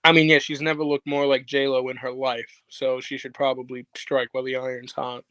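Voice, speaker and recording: A man's voice: mid-range voice, little pitch movement, fairly quick, a bit bright, clear, resonant tone, dry recording. A man co-hosting a live wrestling watch-along, laid-back and teasing. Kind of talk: casual live commentary chat.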